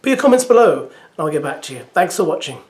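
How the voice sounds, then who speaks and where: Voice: mid-range voice, sing-song, quick pace. A reaction video host giving chatty, hesitant commentary to camera, musing aloud.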